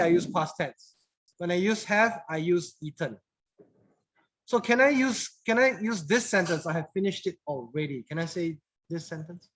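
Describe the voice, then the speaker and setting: High-voiced man teaching English grammar. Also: fairly bright tone. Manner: patient, repeats phrases, mixes in Mandarin words. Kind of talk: classroom grammar lesson.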